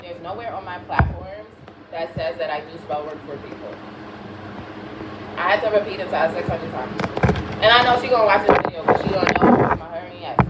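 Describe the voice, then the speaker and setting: A woman with a Caribbean accent, a spiritual reader chatting bluntly and preachily to her viewers, repeating herself. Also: on the low side. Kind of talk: casual spiritual chat to viewers. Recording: roomy, far from mic, loud background noise.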